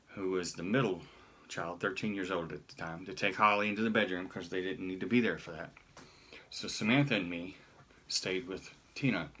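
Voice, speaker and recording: A middle-aged man telling a personal story in a halting way, often restarting his sentences. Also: low-pitched, pushed and bright.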